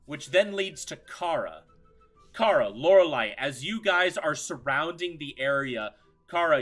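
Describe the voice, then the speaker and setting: A man narrating a tabletop game as game master, in slow, dramatic storytelling. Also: on the high side, a bit bright.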